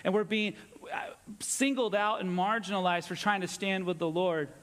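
High-voiced man preaching in a reverberant hall. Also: normal speed. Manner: earnest preaching, drops low and soft for emphasis. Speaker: pastor. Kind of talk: sermon. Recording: long reverb of a church hall.

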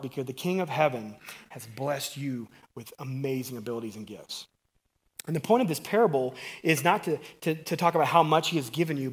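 Energetic preacher, higher-pitched man. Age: middle-aged. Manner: energetic and conversational, swinging from loud emphasis to quiet asides. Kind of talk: sermon.

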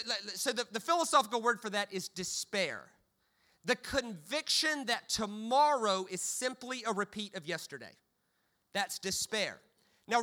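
A man preaches a sermon in a high-pitched voice. His tone is bright and sharp. He leans on humorous storytelling and often repeats words as he stammers.

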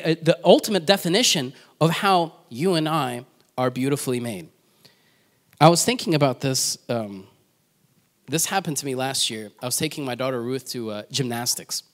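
A man with a high, fairly bright voice preaches a sermon conversationally. He asks the congregation questions and shares personal stories full of self-deprecating humor.

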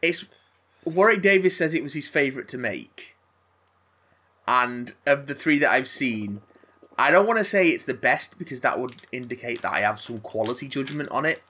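Animated, bright-voiced man telling stories. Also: mid-range voice, moderate pace, breathy edge. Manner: animated, rambling storytelling with frequent restarts. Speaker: podcast co-host. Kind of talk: casual chat.

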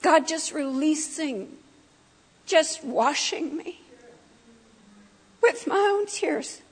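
A middle-aged woman with a high, expressive voice and drawn-out words shares her personal testimony as a guest speaker at a church breakfast. She tells the story vividly, acting out what people said, and the church meeting hall adds a long reverb to the recording.

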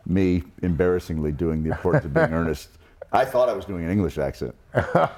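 Low-voiced middle-aged man telling wry stories. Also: quick pace, crowd noise. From New Jersey. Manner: wry, self-deprecating anecdotes. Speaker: guest. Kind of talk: casual interview storytelling.

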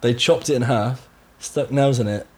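A man's voice: mid-range voice, a little hiss or hum. Young man with a light Somerset accent. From Somerset, England. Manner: chatty, storytelling, quick to laugh. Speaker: guest musician. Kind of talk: casual podcast chat.

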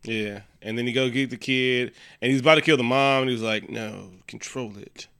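A man co-hosting a casual podcast, retelling a movie scene by scene in an animated way and slipping into voices for the characters. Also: medium pitch, brisk, clear, resonant tone, no echo, clean studio sound. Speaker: podcast co-host. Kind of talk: casual movie recap chat.

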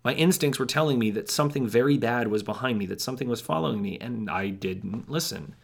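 Quick and gravelly at a medium pitch, a man performs the first-person storytelling monologue of a nervous, paranoid young man. The character rambles while slipping wry comments to the listener.

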